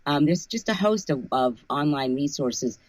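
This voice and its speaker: A woman's voice: low voice, lively intonation, unhurried, darkish tone, no echo. A woman who narrates audiobooks, talking casually in an interview, thoughtful and often restarting her phrases.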